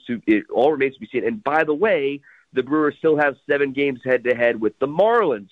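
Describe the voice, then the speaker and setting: A man calling in to a sports radio show as a guest, talking baseball quickly and energetically with lots of detail. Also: medium pitch, no room sound. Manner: quick, energetic, packed with stats. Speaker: radio host, guest analyst. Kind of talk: sports radio call-in analysis. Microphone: phone. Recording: tinny phone line.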